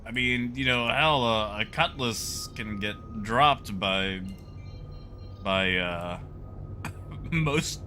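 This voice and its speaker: A man's voice: fairly low pitch, extremely slow, long pauses, sharp tone, faint music behind. A man live-streaming a space game, chatting casually and animatedly, laughing and greeting viewers as he plays. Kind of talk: casual live-stream commentary while gaming.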